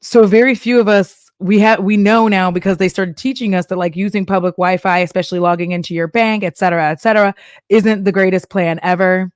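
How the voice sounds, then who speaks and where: Reacting to a video on her live stream, a young Texan woman chats in a middle-range voice with fairly even intonation at a fairly quick pace. She laughs a lot and acts out playful voices of banks and apps. The sound is dry and close, with no room echo.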